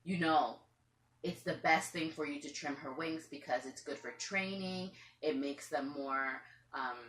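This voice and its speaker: A woman's voice: deep voice, measured pace, fairly bright tone, roomy sound. A woman parrot owner telling a long story to the camera at home, chatty and rambling, sometimes acting out what others said. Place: room at home with pet birds.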